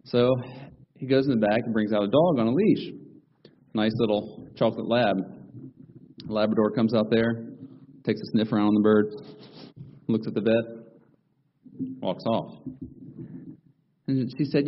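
A man preaching a sermon, opening with folksy jokes and stories before slowing down to read scripture. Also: on the low side, fairly even intonation, muffled recording.

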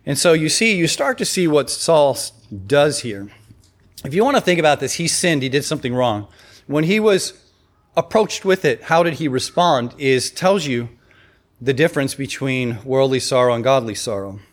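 A man preaching in a relaxed, conversational way. His voice sits at an everyday middle pitch. He reads scripture aloud and slips into the speakers' lines as he goes. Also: normal speed. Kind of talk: sermon.

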